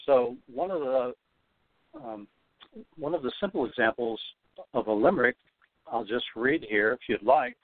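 An older man speaks in a steady, mid-pitched voice, pausing often with "uh" as he explains. The sound is narrow and tinny, like a phone line. The room is dead and dry. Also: no echo. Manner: explanatory, with frequent "uh" pauses. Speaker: guest, retired teacher and limerick author. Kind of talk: podcast interview.

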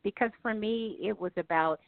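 A woman with a gravelly, mid-range voice speaks at a moderate pace, sharing heartfelt and candid personal testimony as an interview guest. She addresses listeners directly. The recording is dry, echo-free, and tinny, like a phone call.

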